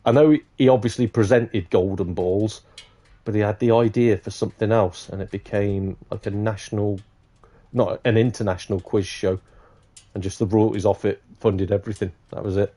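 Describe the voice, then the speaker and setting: A man's voice: lowish voice, steady tone, normal speed, mellow. A man hosting a live stream, chatting casually and rambling, swearing freely. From Shropshire, England. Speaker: livestream host.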